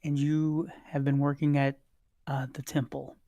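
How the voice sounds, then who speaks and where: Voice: medium pitch, flat delivery, measured pace, warm tone, no room sound. A game master casually narrating a tabletop game with many fillers.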